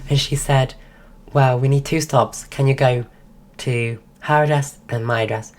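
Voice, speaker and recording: A woman's voice: very deep voice, steady tone, measured pace, darkish tone, slight background noise. A woman streamer telling a rambling story in a casual way while sick and losing her voice. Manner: rambling, full of "like" and restarts. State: sick, voice going.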